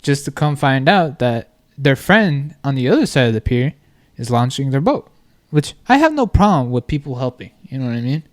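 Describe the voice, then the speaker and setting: A man telling a story on a podcast in casual chat, animated and constantly checking in with the listener. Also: mid-range voice, moderate pace. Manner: animated storytelling, constant "you know what I mean".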